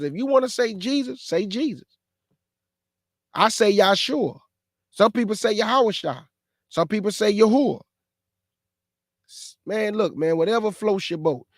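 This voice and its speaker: Man, high voice, dry close sound, livestream host preaching casually, lively and exasperated, talks right to the viewers. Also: dry recording. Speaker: host of a live show.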